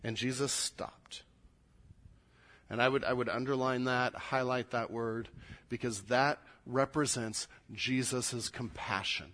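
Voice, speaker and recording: A male pastor preaching a sermon, telling the story in an animated way and swinging between loud and soft. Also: medium pitch, slow.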